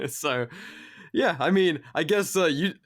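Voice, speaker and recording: A man's voice: fairly high pitch, animated, takes it slowly. Stammering British man, podcast co-host. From England. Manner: stammering, laughing, profane banter. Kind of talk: casual podcast chat.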